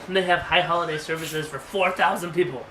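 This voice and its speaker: A man's voice: fairly high pitch, a little fast. A man, a rabbi, teaching an informal class in a conversational, emphatic way, often asking rhetorical questions. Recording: roomy sound from a distant mic with faint noise.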